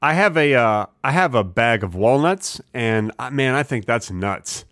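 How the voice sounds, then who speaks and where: A man of middle pitch co-hosts a comedy podcast, carrying absurd tangents with a deadpan delivery. He slips into goofy voices whenever he quotes someone. His voice sits close and dry on the mic. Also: unhurried, no echo. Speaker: podcast co-host.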